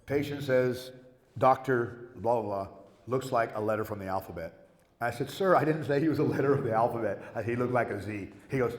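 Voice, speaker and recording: A middle-aged man, a guest on a convention panel, spins rambling, profane stories and acts out everyone else's lines. His voice sits in the mid-range and moves briskly. The echoey convention hall carries his words.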